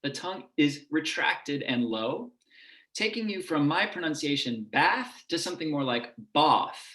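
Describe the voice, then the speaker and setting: Lecturer, male, lower Midwest accent, slightly high voice, explanatory delivery, echoey room. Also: lively intonation, normal speed, fairly bright tone. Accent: lower Midwest American. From United States. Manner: explanatory, demonstrating vowel sounds. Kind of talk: online lecture.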